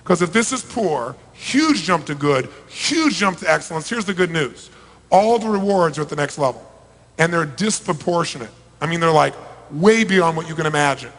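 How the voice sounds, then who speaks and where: A middle-aged motivational speaker addresses a large live audience, his voice pitched rather high for a man. He works the crowd with rhetorical questions, swinging between loud pushes and quiet stretches. The sound rings out through a large reverberant event hall. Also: animated, moderate pace. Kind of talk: live seminar talk to a big audience.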